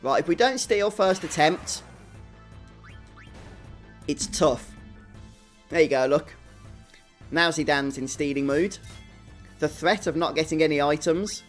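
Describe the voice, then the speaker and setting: A man's voice: fairly high pitch, slow pace, pauses often, soft background music. Brummie-accented man streaming a game. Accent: Birmingham (Brummie). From England. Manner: chatty, reads and answers chat viewers; self-deprecating, laughs often. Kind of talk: live stream game commentary.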